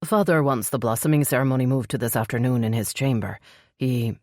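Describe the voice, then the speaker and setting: A woman's voice: very deep voice, fairly quick, a little mellow, dry recording, clean studio sound. A woman voicing a brooding male elf crown prince who speaks curtly and growls. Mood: grieving. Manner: gruff, curt, growling.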